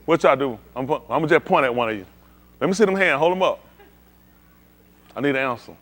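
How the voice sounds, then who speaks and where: Host, male; high, lively pitch; playful teasing emcee of a room game. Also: brisk. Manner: playful, teasing, calls on people by name. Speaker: host leading a group trivia game. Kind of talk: lively group banter.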